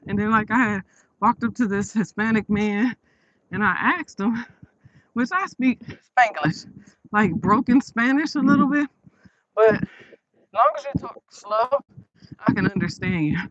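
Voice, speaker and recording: A woman's voice: on the high side, dry recording, highs cut off. A woman vlogging outdoors on a late-night walk, chatting casually and rambling with frequent laughs. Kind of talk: casual storytelling while walking.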